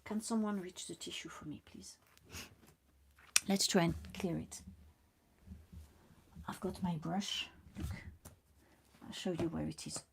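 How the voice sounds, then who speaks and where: A woman talking casually and slowly about her own speech, with mucus in her throat and a blocked nose, stumbling over words and often dropping to a whisper. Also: lowish voice, creaky, a little hiss or hum. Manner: slow and deliberate, often drops to a whisper. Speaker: vlogger. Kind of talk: casual personal monologue.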